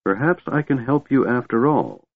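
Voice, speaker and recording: A man voicing a grave, earnest sea elf woman who speaks in a measured, formal way. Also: medium pitch, animated, breathy edge, no room sound, pitched above the performer's own voice. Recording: narrow phone-like dry audio.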